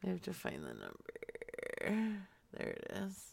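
A woman talks slowly and easily while co-hosting prank calls, laughing often in casual banter. Her pace is unhurried, almost drawling. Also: lowish voice, wildly swooping pitch, vocal fry. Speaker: stream co-host, prank caller.

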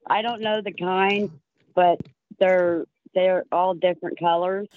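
Hesitant woman, prank call target, slow halting speech, tinny phone line. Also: on the low side, fairly even intonation, no room sound. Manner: hesitant, unsure.

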